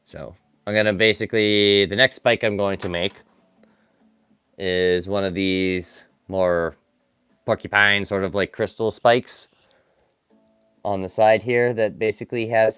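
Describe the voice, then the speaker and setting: A man's voice: low-pitched, a bit bright, clear, resonant tone, no room sound. A man streaming live as he sculpts clay for stop-motion, chatting casually and rambling, poking fun at himself as the work distracts him. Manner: rambling, self-deprecating, distracted by the work at hand. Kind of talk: casual live-stream chat while crafting.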